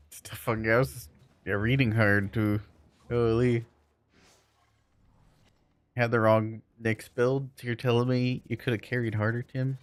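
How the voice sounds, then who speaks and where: A man's voice: mid-range voice, level tone, takes it slowly, pauses often, dry recording. A man streaming a game, chatting casually with viewers in a laid-back, joking way and chuckling often. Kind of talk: casual chat while playing and reading chat.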